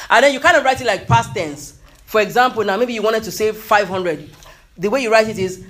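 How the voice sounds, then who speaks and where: A man's voice: high voice, animated, fast talker, fairly bright tone. A man preaching a motivational sermon with emphasis, repeating key phrases and calling out hallelujah.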